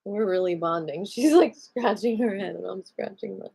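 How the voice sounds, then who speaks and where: A woman hosting a late-night live reading, reading a book aloud calmly and adding casual asides. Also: mid-range voice, moderate pace, vocal fry, breathy edge.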